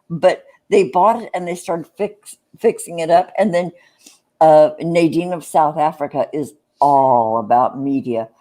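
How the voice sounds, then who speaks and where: A woman's voice: deep voice, warm tone. A woman in casual chat, rambling through an anecdote with many restarts. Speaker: live stream chat participant.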